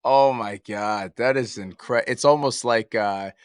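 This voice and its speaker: A man's voice: medium pitch, slow, clean tone, no room sound. Reflective man thinking aloud, dry sound. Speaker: podcast host. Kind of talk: casual podcast chat.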